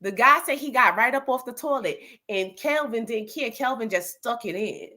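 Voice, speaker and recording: Bright-voiced blunt woman gossip host. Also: fairly high pitch, moderate pace. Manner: animated, blunt and profane, rambling with restarts. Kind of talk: casual gossip chat.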